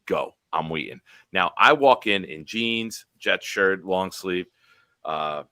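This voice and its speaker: A man in his forties, a show host telling a profane, animated sports story with quoted dialogue. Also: sits low, slow pace, no room sound.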